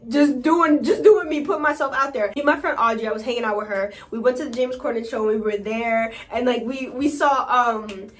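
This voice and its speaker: A young woman from New York telling stories in a casual vlog, chatty and animated, acting out quotes in high squeals. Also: brisk, hardly any pauses. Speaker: vlogger.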